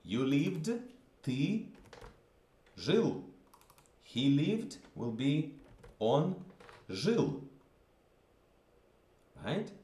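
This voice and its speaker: A man's voice: on the high side, very animated, extremely slow, long pauses, warm tone, roomy sound. A man teaching a grammar lesson, patiently repeating examples and checking in with the listener. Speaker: language teacher.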